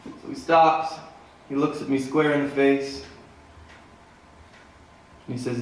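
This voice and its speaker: Between songs at a live concert, a Manitoba man shares a story in a slow, mid-range voice full of long pauses and dry, easygoing humor. He's a singer-songwriter on a theater stage, heard from a distance in echoey sound with a faint guitar behind him.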